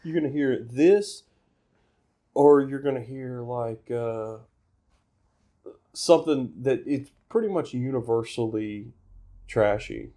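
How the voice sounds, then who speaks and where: Blunt man with a mellow voice. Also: mid-range voice, takes it slowly, long pauses. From American South. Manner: opinionated, blunt, puts on mocking voices. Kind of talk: casual chat.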